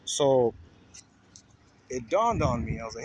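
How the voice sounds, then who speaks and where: A man telling the story of an incident in a loose, animated way, heavy on "bro" and "I was like," outdoors by a bus stop. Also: mid-range voice, slow. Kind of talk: casual storytelling. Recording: loud street noise around.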